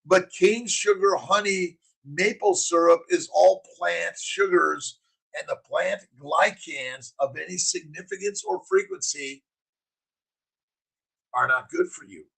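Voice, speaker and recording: A middle-aged physician hosting a casual morning livestream, preaching in punchy slogans and answering chat comments. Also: male voice, sits high, slow pace, creaky, a bit bright, husky, poor audio.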